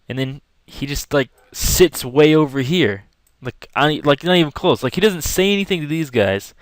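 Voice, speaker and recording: A man's voice: fairly high pitch, normal speed, hardly any pauses, dry recording. A young man telling a rambling, casual story to camera while drawing, acting out scenes as he goes. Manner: rambling, animated, acts out yelling. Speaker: vlogger.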